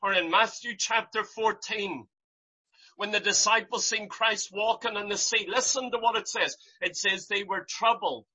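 Preacher, sermon, bright forceful tone, repetitive rhetorical questions, dull lo-fi recording. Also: mid-range voice, fairly even intonation, normal speed, slightly rough. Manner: impassioned, repetitive rhetorical questions, rising to loud cries.

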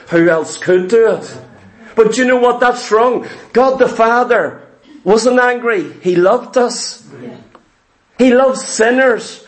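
A man's voice: very high voice, low-quality recording. A man preaching a sermon, repeating key words and asking the congregation questions.

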